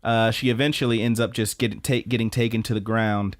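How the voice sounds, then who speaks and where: A man's voice: on the low side, little pitch movement, a little fast. A man co-hosting a podcast, casually retelling an anime episode with fillers and quoted lines. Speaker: podcast co-host. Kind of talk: casual chat recapping an anime.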